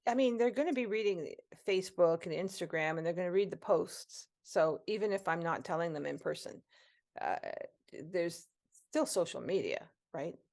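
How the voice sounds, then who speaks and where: A woman in an improv comedy scene, playing an awkward, self-important researcher sister who talks haltingly with many restarts. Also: fairly low pitch, lively intonation, darkish tone. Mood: defensive. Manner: halting, hesitant, full of restarts. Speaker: improv performer.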